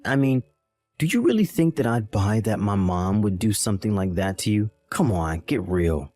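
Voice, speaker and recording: A man's voice: on the low side, animated, normal speed, darkish tone, faint music behind, lightly acted. A man playing a dismissive, callous young husband in a voiced text-message drama, irritated and condescending.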